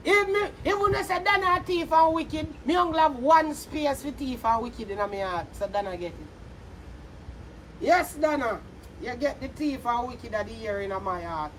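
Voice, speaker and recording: Jamaican woman going off in a vlog rant, high voice, cussing and mocking nonstop. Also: expressive, moderate pace, slight background noise. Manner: heated, cursing, mocking. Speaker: vlogger. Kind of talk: angry insult rant to camera.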